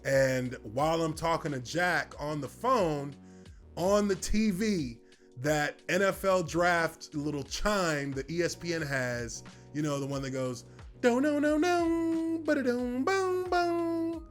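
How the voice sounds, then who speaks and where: A man in his thirties telling a personal story in casual talk, relaxed and rambling with lots of fillers. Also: fairly high pitch, a little slow, soft background music. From United States. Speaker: former football player telling his story.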